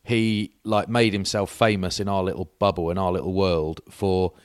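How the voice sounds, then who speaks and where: A man's voice: sits low, flat delivery, moderate pace, clear, resonant tone, no room sound, clean studio sound. A man in his forties co-hosting a podcast, telling rambling, self-mocking anecdotes in casual chat. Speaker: podcast co-host.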